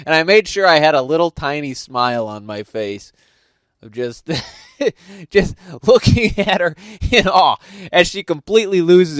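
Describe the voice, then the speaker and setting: Male host, casual profane storytelling, higher-pitched voice, dry sound. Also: clean tone, no echo. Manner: profane, laughing, animated storytelling.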